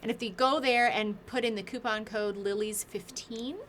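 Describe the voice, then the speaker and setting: A woman author as a podcast guest, speaking thoughtfully and earnestly in a soft, reflective way. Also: a little high, steady tone, normal speed, slight background noise. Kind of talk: reflective conversational interview.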